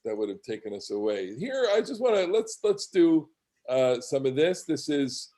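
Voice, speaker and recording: A man teaching a class in a halting, digressive way. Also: mid-range voice, big pitch swings, warm tone. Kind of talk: casual class lecture.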